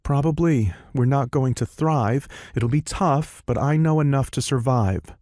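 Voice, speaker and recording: A man voicing a calm, capable petite young woman in an audiobook, matter-of-fact and steady. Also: medium pitch, measured pace, dry recording, studio quality, pitched above the performer's own voice, lightly acted.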